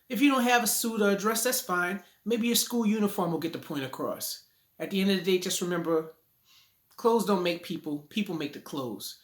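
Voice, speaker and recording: A man giving a casual video lesson on public speaking from his living room, recorded on a phone in selfie mode, talking conversationally and playing with rhymes. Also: a little high. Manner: playful, conversational, rhyming catchphrases.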